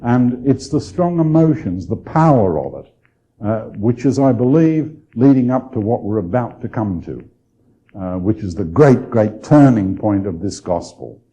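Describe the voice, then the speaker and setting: A man, a bishop, giving a conversational Bible study lecture, unhurried, often restarting phrases and checking in with his listeners. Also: fairly low pitch, sing-song, warm tone, lo-fi sound. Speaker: bishop teaching scripture.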